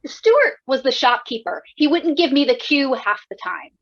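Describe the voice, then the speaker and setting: A woman's voice: sits high, lively intonation, normal speed, highs cut off. A woman playing a defensive, impatient stage actress who keeps forgetting her lines. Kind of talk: community theater stage play.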